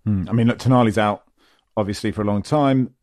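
A man's voice: fairly low pitch, fairly quick, dry recording, studio quality. Wry man hosting football chat. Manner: wry, teasing, lively questions. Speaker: podcast host.

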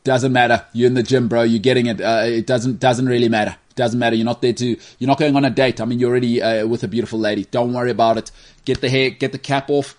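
A man's voice: medium pitch, fairly even intonation, fast. A man hosting a podcast, teasing his co-host in casual, joking banter. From South Africa.

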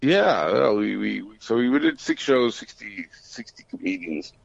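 A South African man talks as a comedian guest in casual podcast chat. His low voice moves up and down a lot. He restarts his sentences often. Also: very animated, measured pace, creaky, no room sound, highs cut off.

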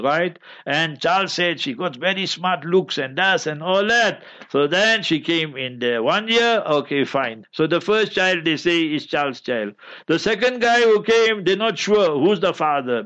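A high-voiced man holds forth as a mufti on a religious question-and-answer broadcast. He preaches in a joking way and comes back again and again to the same reminders. The sound is dull and lo-fi. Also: fairly bright tone. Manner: preachy, joking, keeps repeating "you must remember".

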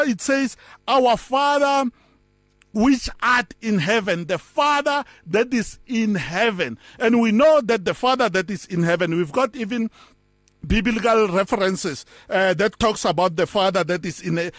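A man's voice: high voice, no echo, clean studio sound. A man giving a Bible teaching as a pastor, repeating words and stressing key phrases as he preaches.

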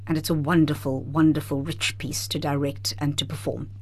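Woman, theatre director, lower pitch, enthusiastic, expressive, studio mic. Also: moderate pace. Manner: enthusiastic, expressive, laughs often. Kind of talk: radio interview guest. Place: radio studio. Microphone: studio microphone.

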